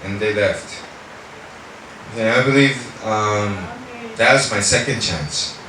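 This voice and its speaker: Bright-voiced man telling a testimony in an echoey room. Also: on the low side, slow. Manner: animated storytelling, heavy on fillers like "you know"; switches into Korean at times. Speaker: speaker giving a testimony. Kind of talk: personal faith testimony. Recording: echoey room, mic far off, faint noise.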